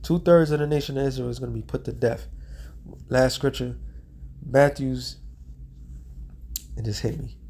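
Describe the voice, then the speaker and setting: A man preaching a street sermon, reading scripture slowly and breaking into slang while checking in with "all right?". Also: mid-range voice, creaky, dark tone, slight background noise. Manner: reads scripture in a slowed, drawn-out cadence.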